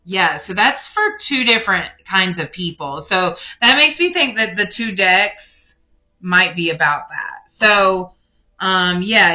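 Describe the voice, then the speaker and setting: A woman giving a casual spiritual card reading, rambling and correcting herself as she speaks straight to the listener. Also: on the low side. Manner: rambling, self-correcting, warm addressing of listener. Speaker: tarot card reader.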